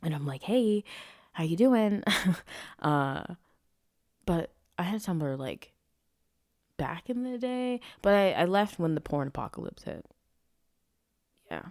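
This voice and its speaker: Young woman, podcast host, lively swooping delivery, rather low voice, rambling and profane, dry close sound. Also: slow pace, pauses often, dry recording. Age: young adult. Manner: rambling, profane, easily sidetracked. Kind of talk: casual solo podcast chat. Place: at home, street traffic nearby.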